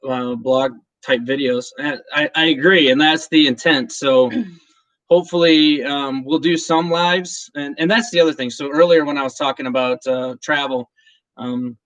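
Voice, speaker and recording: A man's voice: on the high side, fairly even intonation, moderate pace, fairly bright tone, dry recording. A man hosting a whiskey channel's live stream, chatting casually and emotionally with viewers and his partner. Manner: rambling, emotional, laughs often, many restarts.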